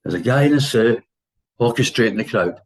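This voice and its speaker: Speaking a little fast with lively intonation at a medium pitch, a former footballer from England, now in his sixties, recounts dressing-room stories in an easygoing interview. He laughs a lot and voices the people he quotes, and the recording is rough.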